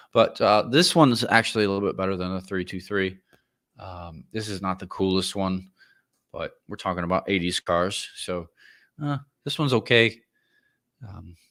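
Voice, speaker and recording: A man from the US talks casually on his podcast, swearing freely and getting heated over his opinions. His voice sits a little low but has a bright, forceful edge. He rants loudly and then offers apologies he doesn't mean. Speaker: podcast host. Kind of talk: casual ranting commentary.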